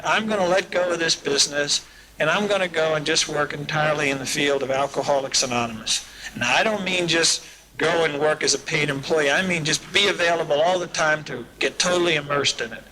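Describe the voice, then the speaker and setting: A man's voice: fairly high pitch, steady tone, fairly quick, a crowd in the background, low-quality recording. A man giving a talk at a recovery meeting, telling humorous stories in a folksy way. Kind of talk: storytelling talk to an audience. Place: live talk at a summer event. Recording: hissy old cassette tape.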